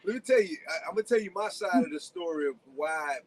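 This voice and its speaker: A married man on a podcast, telling stories in casual chat, animated and slangy, laughing often. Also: a little high, quick pace, low-quality recording.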